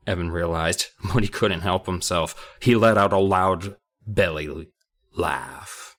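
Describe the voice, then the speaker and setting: A man's voice: deep voice, slow pace. A man co-hosting a podcast, chatting jokingly and reading a book aloud. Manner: animated, jokey. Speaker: podcast co-host.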